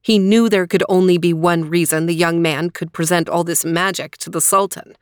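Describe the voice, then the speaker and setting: A woman narrating a fairy tale in a clear, expressive storybook reading. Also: lowish voice, normal speed, no echo, studio quality.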